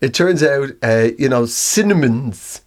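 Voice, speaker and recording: A man's voice: medium pitch, animated, unhurried. A man, co-hosting a casual comedy chat, laughing often and poking fun at himself. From Ireland. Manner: giggly, self-mocking, laughs often. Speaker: podcast co-host.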